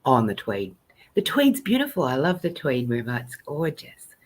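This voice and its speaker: A woman co-hosting a casual live chat, playful and quick to laugh, with a husky voice. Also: rumbling low, huge pitch swings, slight background noise.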